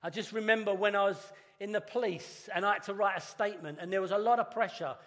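Guy giving an easter sermon, kinda high voice, big echoey church, slows down for the dramatic bits. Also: a bit bright. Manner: earnest, conversational with dramatic pauses. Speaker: pastor. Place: church hall. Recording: long reverb of a church hall.

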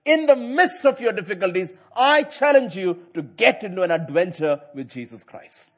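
A middle-aged male pastor delivering a sermon in a fairly high, husky voice. He moves between soft, conversational storytelling and loud, emphatic calls to the congregation. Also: expressive, normal speed.

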